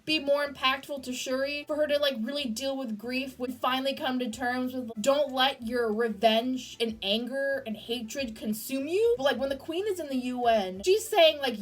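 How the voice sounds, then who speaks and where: A young woman gushing through a casual movie review, excitable and full of fillers. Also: sits high, normal speed, few pauses.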